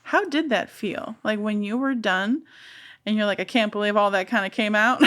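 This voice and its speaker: A woman's voice: mid-range voice, moderate pace, a bit bright. A woman hosting a casual podcast conversation, encouraging her guest and laughing often.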